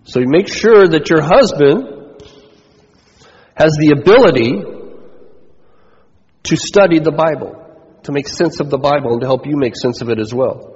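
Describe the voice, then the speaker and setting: A man's voice: a little high, animated, moderate pace, pauses often, a little mellow. A preaching man in an echoing hall. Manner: conversational preaching, asks the congregation questions. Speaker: pastor. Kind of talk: sermon. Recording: dull recording with long hall reverb.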